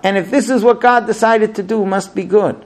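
A man's voice: high voice, fairly even intonation, a little fast, close to an everyday voice. A man playing a grief-stricken old father. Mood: mourning. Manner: lamenting, crying out.

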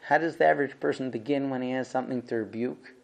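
A man teaching a religious class, telling stories with animated voices for the characters and dropping to hushed whispers. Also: medium pitch, quick pace, creaky. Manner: acts out characters with big swings from shouts to hushed whispers. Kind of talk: animated storytelling lesson.

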